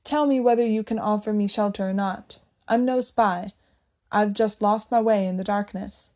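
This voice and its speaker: A quiet, steady young man in a storybook, as a female narrator reads him. He keeps his voice level and polite, with a mellow, warm tone and a faint dry amusement. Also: medium pitch, moderate pace, lightly acted.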